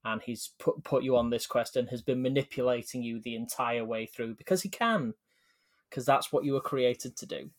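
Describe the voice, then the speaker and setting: A man co-hosting a casual gaming podcast, explaining things at length with many ums and halting restarts. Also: mid-range voice. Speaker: podcast co-host.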